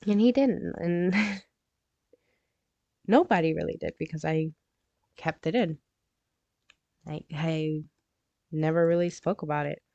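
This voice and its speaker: Chatty woman with a low dry voice. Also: slow pace, long pauses, dark tone, no echo, lo-fi sound. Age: adult with a grown son. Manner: chatty, laughs often while telling the story. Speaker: crafting vlogger. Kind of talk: casual storytelling while painting.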